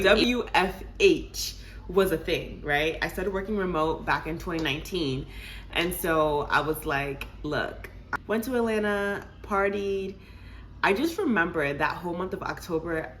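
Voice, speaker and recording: A young woman in her twenties tells a casual vlog story to her viewers, animated and laughing and calling them y'all. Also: lowish voice, slight background noise. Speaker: vlogger.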